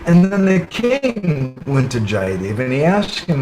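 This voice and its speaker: A man's voice: on the high side, wildly swooping pitch, a little slow, darkish tone, slight background noise, rough recording. A man speaking at an online webinar, telling a parable in a storytelling sermon and often tagging lines with "huh?" or "right?". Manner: narrates a parable with tag questions. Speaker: spiritual speaker. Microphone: online webinar call.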